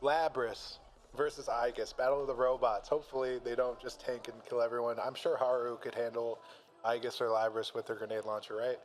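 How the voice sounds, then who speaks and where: A man's voice: medium pitch, level tone, brisk, soft background music, poor audio. Laughing man reading battle stories aloud. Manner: laughs often, jokey asides. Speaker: streamer reading a fan-made battle story. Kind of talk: casual reaction and read-aloud narration.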